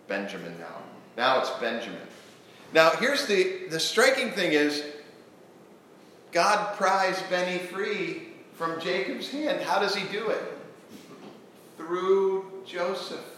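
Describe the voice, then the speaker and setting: A man preaching a sermon to a church congregation, posing questions to them in an earnest, animated way. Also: on the high side, a little hiss or hum. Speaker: pastor. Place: church sanctuary. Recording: very echoey church hall.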